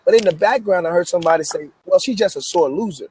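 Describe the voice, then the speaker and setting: A man's voice: high-pitched, fast, slight background noise. Hyped-up man telling his story. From Memphis, United States. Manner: energetic, repetitive restarts, emphatic. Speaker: guest author. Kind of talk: animated storytelling interview.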